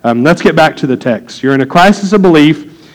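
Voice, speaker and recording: A man preaching a sermon as pastor, earnest and building to loud, excited preaching. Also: a little high, brisk, rough recording.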